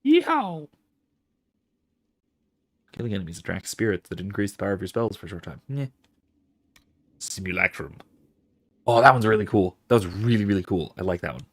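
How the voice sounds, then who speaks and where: A man's voice: low-pitched, quick pace. A man casually commenting while playing a fantasy game, reading viewer messages aloud and musing over skill choices. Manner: chatty, reads chat aloud, muses over skills. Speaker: game streamer.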